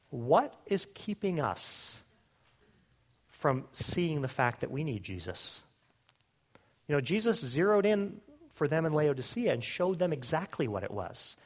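A male pastor preaching a sermon, asking the congregation questions and dropping to a hushed voice when quoting Jesus. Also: fairly high pitch. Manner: animated, questioning, drops to a hushed voice for quoted words of Jesus.

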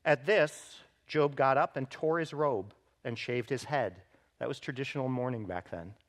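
A man preaching a sermon as pastor, emphatic, lifting his voice when he reads the scripture aloud and checking in with listeners. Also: moderate pace. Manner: emphatic, rises in pitch and volume when voicing scripture; speaks directly to the congregation with frequent "right?".

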